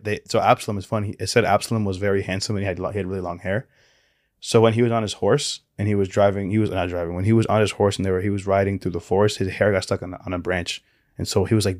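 A man co-hosting a casual Bible discussion podcast, retelling stories loosely with many fillers and quick acted quotes. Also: low voice, little pitch movement, darkish tone, no echo, clean studio sound. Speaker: podcast co-host.

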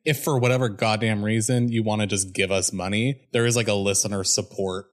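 A man's voice: lowish voice, fairly even intonation, fairly quick. A young man co-hosting a casual comedy podcast, telling a story in a playful, self-mocking way and laughing often. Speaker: podcast co-host.

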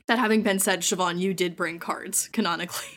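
Woman game master for a tabletop game, bright tone, quick jokes between rules calls. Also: lowish voice, steady tone. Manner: quick joking asides, laughs often. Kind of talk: running a tabletop role-playing game.

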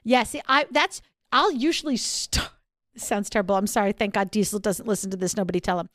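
A woman's voice: medium pitch, brisk, fairly bright tone, no room sound, clean studio sound. A candid, self-deprecating woman. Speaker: podcast guest, author. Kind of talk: frank casual chat.

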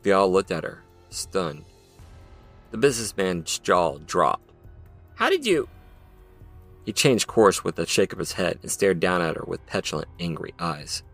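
A man's voice: low-pitched, vocal fry, fairly bright tone. A man narrating his own audio drama in a dramatic storytelling manner. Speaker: narrator and author.

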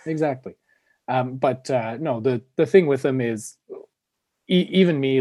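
A man's voice: medium pitch, measured pace, long pauses, warm tone, no echo. A man co-hosting a casual hockey podcast, rambling with lots of fillers and restarts. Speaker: podcast co-host.

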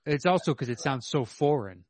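A man co-hosting a podcast, talking about movies in a measured, hesitant way with many fillers. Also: mid-range voice, lively intonation, no room sound. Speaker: podcast co-host. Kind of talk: casual movie chat.

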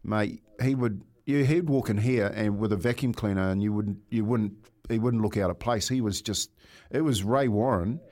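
A man chatting casually on a radio show, rambling and relaxed. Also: fairly low pitch, moderate pace. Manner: rambling, relaxed, says mate and like. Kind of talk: casual storytelling chat.

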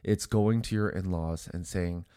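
A man's voice: low voice, fairly even intonation, measured pace, dark tone, clear, resonant tone, no room sound, studio quality. A man co-hosting a casual faith-based marriage podcast, with a congested, nasal voice from allergies. He sounds earnest and often repeats words as he starts a sentence. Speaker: co-host.

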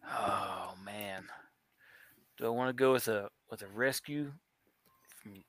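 Low, bright-toned male podcast guest. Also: takes it slowly, dry recording. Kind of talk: casual podcast chat.

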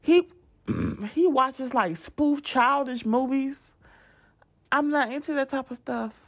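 A woman's voice: high-pitched, slow. A young adult woman hosting her own podcast, talking casually and animatedly straight to her listeners, often restarting her sentences. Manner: chatty and animated, addresses listeners directly, frequent restarts. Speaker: podcast host. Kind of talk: casual chat.

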